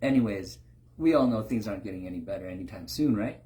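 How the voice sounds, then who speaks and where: A man's voice: on the low side, lively intonation, quick pace, mellow, close to an everyday voice. A man mimicking a jaded male comedian who laughs falsely at how bad things are. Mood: mocking. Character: smug jaded male comedian, mock-cheerful.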